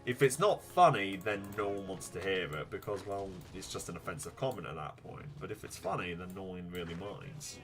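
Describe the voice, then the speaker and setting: A man's voice: sits low, expressive, fairly quick, few pauses, soft background music. A man commentating a strategy game as he plays, muttering to himself, then suddenly pleading and swearing at the screen. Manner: swings from mumbled muttering to loud pleading outbursts, swearing. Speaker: gaming YouTuber. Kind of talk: live gameplay commentary.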